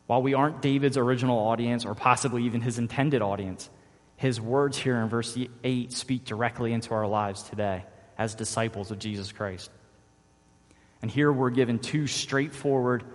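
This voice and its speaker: A man, a father, preaching a sermon as pastor, earnest and repeating key phrases for emphasis. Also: medium pitch. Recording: long reverb of a large hall.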